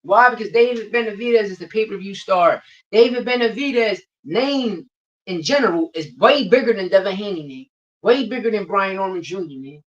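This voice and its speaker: A man's voice: sits high, expressive, moderate pace, fairly bright tone. A brash, profane man hosts a loose boxing podcast rant, hammering the same lines over and over. His voice sits back from the microphone on a dull, lo-fi recording. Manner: brash, profane trash talk; rambling, repeats lines for emphasis. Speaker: podcast host. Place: livestreamed podcast. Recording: distant, dull lo-fi mic.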